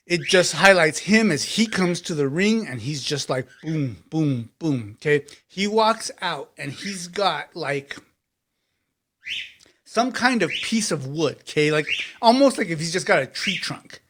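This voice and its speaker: A man narrates a tabletop game as game master, his voice sitting a touch high. He sets each scene in a loose, chatty way, full of fillers. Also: lively intonation, unhurried, a bit bright.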